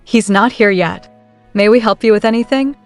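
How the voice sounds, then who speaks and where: Courteous young knight, voiced by a woman narrator, polite and smooth. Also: on the high side, moderate pace, soft background music, close to an everyday voice.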